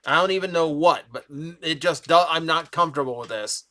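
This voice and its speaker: A young man reviews a cartoon in an eager, rambling way, his voice slightly raised and bright. It sounds a little strained from a long stretch of talking. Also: on the high side, fairly quick. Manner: enthusiastic, rambling with fillers. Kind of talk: casual review commentary.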